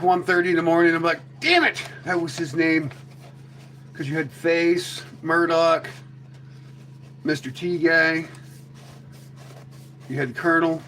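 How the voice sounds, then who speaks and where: A man's voice: a little high, a bit bright, a little hiss or hum. A man chatting casually with viewers on a live stream, rambling and joking with mild swearing. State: a little out of breath after chasing goats.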